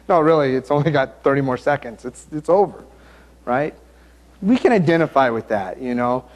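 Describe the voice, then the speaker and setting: In a mid-range voice at normal speed, a preacher brings his sermon to life by acting out the story. He jokes, adds asides and interrupts himself as he goes.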